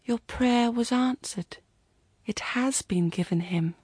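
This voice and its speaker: A woman voicing a disembodied spirit at a forest shrine, speaking slowly and softly in a hushed, otherworldly way. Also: high-pitched, fairly even intonation, no echo, clean studio sound, pitched above the performer's own voice.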